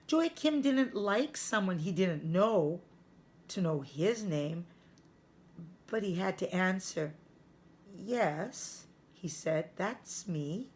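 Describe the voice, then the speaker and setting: Slow careful woman reading a storybook. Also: mid-range voice. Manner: slow, careful read-aloud. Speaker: teacher.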